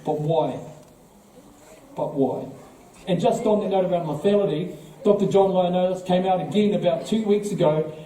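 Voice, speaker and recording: A man with a New Zealand accent addresses an audience, pressing his points with rhetorical questions and repeated words. His voice sits fairly high yet sounds very dark and mellow. It is recorded from a distance in a large hall with heavy echo. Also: moderate pace, pauses often. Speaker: political party speaker. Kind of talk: speech to a live audience. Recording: echoey hall, voice from far off.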